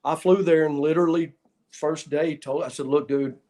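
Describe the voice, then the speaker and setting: A man's voice: on the high side, steady tone, normal speed, warm tone. An older man, a guest and former referee, casually telling stories in an easygoing way with frequent chuckles. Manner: easygoing, chuckling, peppers talk with "man" and "dude". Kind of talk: casual storytelling.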